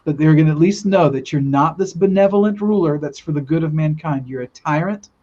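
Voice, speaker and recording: On a dull, lo-fi podcast recording, a guest earnestly recounts a long spiritual vision in casual talk. His voice is a little high, warm and fairly quick, and he rambles with many restarts.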